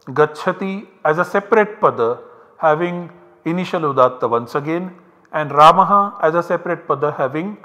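A man's voice: a little high, bright, forceful tone. Man lecturing in a reverberant hall. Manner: measured, explanatory. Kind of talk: academic lecture.

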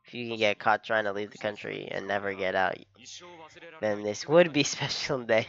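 A man's voice: lowish voice, moderate pace, creaky, fairly bright tone, lo-fi sound. A young man giving casual reaction commentary on an anime episode, laughing often and calling everyone "bro".

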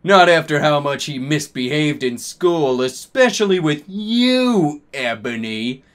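A man's voice: on the high side, expressive, slow pace, a bit bright. A man doing a mean, cranky old wizard headmaster. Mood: dismissive. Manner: snippy, overdone indignation.

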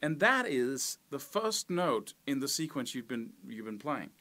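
A man's voice: mid-range voice, big pitch swings, a little slow. A man teaching a guitar lesson, explaining step by step and counting out fret numbers. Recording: loud guitar playing behind. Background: electric guitar.

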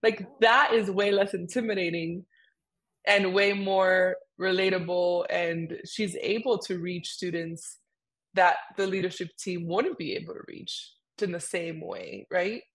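Husky, gravelly young woman chatting. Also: lowish voice, measured pace. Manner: animated, chatty, many fillers. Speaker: podcast co-host. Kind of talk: casual conversation.

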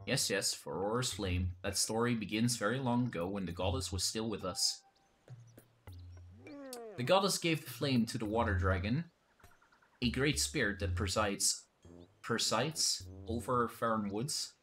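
A man's voice: lowish voice, lively intonation, a little slow, a bit bright. A man voicing an old, drowsy male tree-spirit hermit in a put-on old-man accent, rambling like a conspiratorial storyteller. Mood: folksy.

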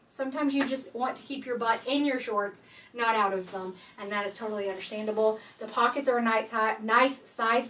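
A woman's voice: fairly high pitch, fairly bright tone, far from the mic. A woman vlogger from Canada chatting candidly and jokingly through a try-on clothing haul, recorded a little off the mic. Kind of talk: casual try-on haul chat.

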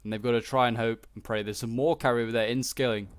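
A man's voice: mid-range voice, steady tone, very fast, clear, resonant tone, no echo. A man casually commenting on a strategy game battle, rambling with lots of fillers. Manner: chatty and rambling, many fillers like "like" and "uh". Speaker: gameplay commentator.

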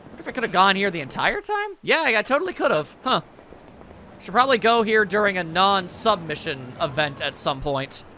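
A man's voice: high-pitched, a little fast, slight background noise. A man hosting a let's play video, joking playfully between lines of game dialogue. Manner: playful, animated, joking asides. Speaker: gaming video host.

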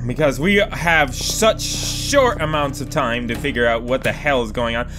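A man giving excitable, swearing let's play commentary as a gaming YouTuber, laughing often. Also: mid-range voice, moderate pace. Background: game music.

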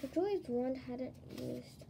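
A woman's voice: high voice, expressive, slow, warm tone, a little hiss or hum, heavily acted. A woman voicing a brave young girl who calls out urgently, read from a storybook. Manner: urgent, calling out.

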